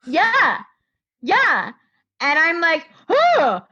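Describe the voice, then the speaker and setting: A woman's voice: lowish voice, normal speed, fairly bright tone, dull audio. A woman from Connecticut, a comedian guest, telling a story in casual talk and acting out the voices of the people in it.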